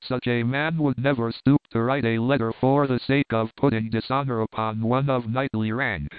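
A man's voice: mid-range voice, steady tone, normal speed, clear, resonant tone, no echo, lightly acted. Young noble prince, earnest and firm, read by a man; dry, narrow-band audio.

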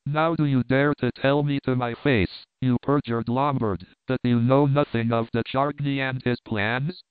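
A man's voice: mid-range voice, fairly even intonation, unhurried, clear, resonant tone, dry recording, close to an everyday voice. A man reading the part of a wrathful medieval king in a stern, accusing manner. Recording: tinny narrow-band dry recording.

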